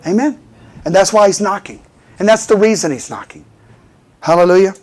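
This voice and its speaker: A fervent male preacher with a fairly high voice, delivering a call-and-response sermon. He keeps pulling the congregation in with repeated calls for "Amen.". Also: a little fast.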